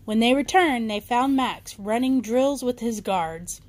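A woman's voice: fairly high pitch, a little slow. Woman reading a bedtime story. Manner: warm reading with small slips and restarts.

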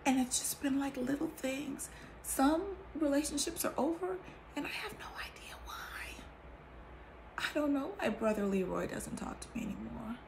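A woman's voice: high-pitched, creaky, slight background noise. A woman giving a casual personal testimony in a candid, chatty way, acting out snippets of conversation and dropping to a whisper for asides. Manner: candid and chatty, acts out bits of talk, drops to a whisper for asides. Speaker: vlogger sharing her testimony.

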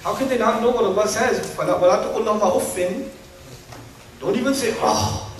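A man preaching a sermon to parents, animated and humorous, acting out parents and kids. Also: high voice, racing. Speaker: Muslim preacher. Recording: roomy hall echo from a distance.

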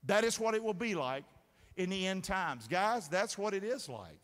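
A man's voice: high voice, big pitch swings, moderate pace, fairly bright tone. A man preaching a sermon from the stage, drawing responses from the congregation with repeated questions. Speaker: pastor. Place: church sanctuary. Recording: reverberant sanctuary sound.

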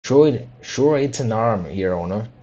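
A timid male servant from a storybook stammers humble, deferential answers, as a man reading aloud puts him on. The tone stays low and mellow, and the recording is a little dull. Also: animated, unhurried. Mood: meek. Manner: hesitant, deferential.

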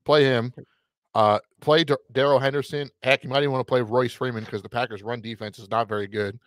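A man's voice: medium pitch, fairly even intonation, fairly quick, dry recording. A man co-hosting a casual fantasy football podcast, rambling and correcting himself with a wry edge. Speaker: podcast co-host.

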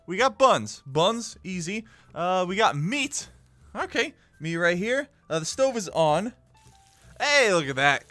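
Man, let's play commentary, playful and joking, high bright voice, faint game music. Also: dry recording. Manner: playful, joking, talks to the screen. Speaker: gaming YouTuber.

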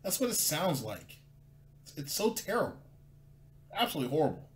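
A man commenting on video clips in a casual, sarcastic way. His voice sits a little high and swings up and down a lot. He trips over words and repeats himself as he searches for a point. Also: very animated, brisk. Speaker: commentary host.

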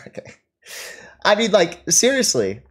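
Taking it slowly, a high-voiced man whose pitch swoops wildly rants at his live stream chat as he reads and responds. He taunts and mocks his target, laughing at them.

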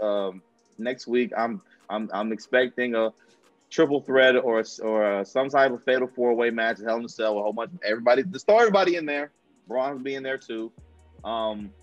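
A man hosting a casual wrestling chat, talking in an animated way with quick asides. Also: medium pitch, no room sound, lo-fi sound. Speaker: podcast host.

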